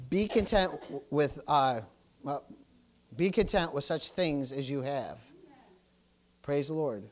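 Preaching slowly in a fairly high voice, this man leaves long pauses in his church sermon. He says "praise the Lord" and "amen" repeatedly and moves between booming exclamations and quiet asides.

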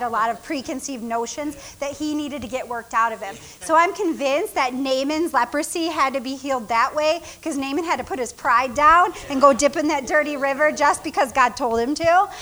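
High, bright-voiced woman pastor preaching. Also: normal speed, few pauses. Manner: animated, reads scripture aloud, acts out characters, laughs often. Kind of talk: sermon.

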